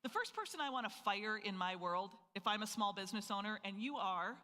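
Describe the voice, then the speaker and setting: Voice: medium pitch, expressive, fairly quick, bright, forceful tone, long reverb tail. A financial planning presenter from North Dakota giving a live seminar and firing rhetorical questions at the audience. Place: event hall with a live audience.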